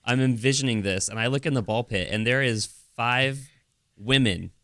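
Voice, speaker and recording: A man's voice: mid-range voice, moderate pace, pushed and bright, no room sound, studio quality. A young adult man co-hosting a podcast, telling stories in casual chat and acting out what people said. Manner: storytelling with laughs and acted-out quotes. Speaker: podcast co-host.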